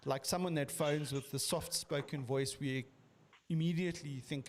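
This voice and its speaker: A man's voice: fairly high pitch, steady tone, normal speed, noisy background. A man as a guest in a casual podcast chat, thoughtful, agreeing often and circling back to his point.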